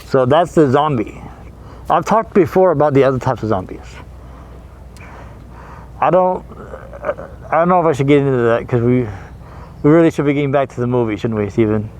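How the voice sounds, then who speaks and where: A man's voice: medium pitch, normal speed, long pauses, a little mellow. Rambling man hosting a horror movie show. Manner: rambling, laughs easily, trails off and restarts. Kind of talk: casual chat.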